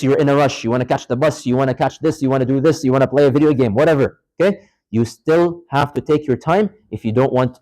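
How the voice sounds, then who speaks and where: A man's voice: fairly high pitch, darkish tone, low-quality recording. A man teaching an interactive religious studies class in a mosque, quizzing students and repeating key points for emphasis. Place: mosque lecture hall.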